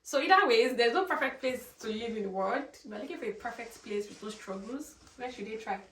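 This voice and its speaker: A woman's voice: a little high, expressive, brisk, a bit bright, reverberant, distant mic, a little hiss or hum. A woman from Nigeria with a Nigerian accent, chatting casually in her vlog and using lots of fillers. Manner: chatty, conversational, many "like" fillers. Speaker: vlogger. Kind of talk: casual chat.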